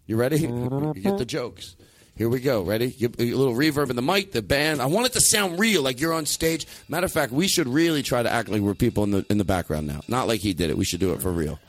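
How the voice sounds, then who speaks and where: A man's voice: mid-range voice, expressive, fast talker. A man hosting a comedy podcast, bossily directing an improvised bit and laughing often.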